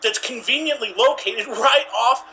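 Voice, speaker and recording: A man improvising a comic movie retelling in a rambling, excited way. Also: very high voice, moderate pace, vocal fry, crowd noise, rough recording. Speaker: improv player.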